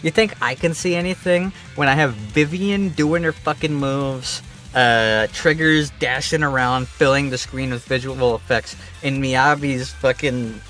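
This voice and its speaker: A man's voice: medium pitch, measured pace, hardly any pauses, a bit bright, faint music behind. A man streaming a game, chatting casually in a rambling, profane, offhand way. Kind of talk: casual livestream chat.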